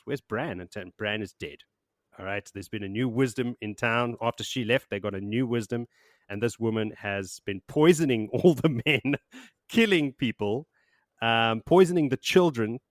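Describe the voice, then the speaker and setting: A man's voice: fairly low pitch, dry recording, clean studio sound. A man hosting a podcast, chatting casually and rambling as he recaps a book, laughing and swearing now and then. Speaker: podcast host.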